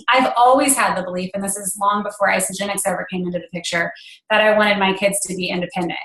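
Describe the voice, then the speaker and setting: A woman's voice: medium pitch, steady tone, fairly quick, fairly bright tone, echoey room, rough recording. Earnest mom sharing her story. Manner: earnest, emotional at times, filler-heavy. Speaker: guest speaker on a team call. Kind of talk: personal story on a call.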